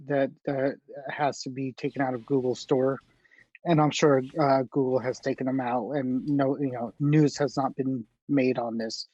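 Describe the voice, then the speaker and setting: A man's voice: medium pitch, darkish tone, no room sound, highs cut off. A man co-hosting a casual tech podcast who talks in an earnest, rambling way with many fillers.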